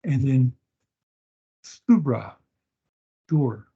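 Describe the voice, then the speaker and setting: A male instructor giving a recorded class lecture from home, talking slowly and haltingly, often pausing and restarting, and sounding out words one at a time and repeating them. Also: mid-range voice, animated, warm tone, breathy edge. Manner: slow, halting, with many restarts and fillers. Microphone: online meeting recording. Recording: dull lo-fi meeting audio.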